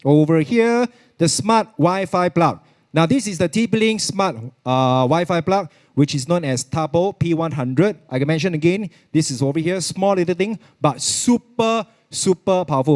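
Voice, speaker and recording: A man's voice: fairly high pitch, moderate pace, darkish tone. A man with a Singaporean English accent giving a chatty live product demo, repeating himself and slipping into Mandarin. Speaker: product presenter at a virtual expo.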